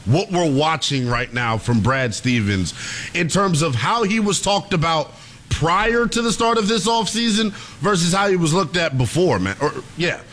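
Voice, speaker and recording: A man co-hosting a sports radio talk show, animated and quick with a ready laugh. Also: fairly high pitch. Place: radio studio.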